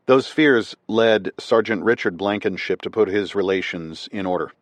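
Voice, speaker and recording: Male audiobook narrator, low voice, dry booth sound, measured scripted delivery. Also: dry recording. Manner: measured, steady reading.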